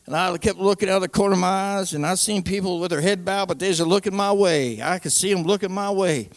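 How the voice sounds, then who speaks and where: A man with a high, gravelly voice gives an emphatic church testimony in plain folksy speech. The sound is close and dry, with no room around it. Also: quick pace, no echo. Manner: emphatic, repeats "I'm telling you"; folksy nonstandard grammar. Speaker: church speaker giving testimony.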